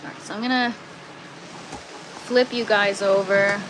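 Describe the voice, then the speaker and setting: A woman's voice: mid-range voice, fairly even intonation, a little slow, noisy background. A woman hosting a casual gardening live stream from an indoor grow tent, chatting with viewers and using lots of ums and "you guys.".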